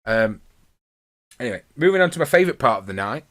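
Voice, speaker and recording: A man's voice: medium pitch, big pitch swings, quick pace, a bit bright. A man hosting a podcast, rambling casually through a wrestling review and laughing as he retells the funny bits. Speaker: podcast host.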